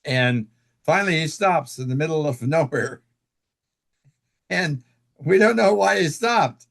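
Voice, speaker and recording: A man telling a long personal story as an interview guest, halting, with many fillers and restarts. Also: on the high side, expressive, vocal fry, a bit bright. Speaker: guest author.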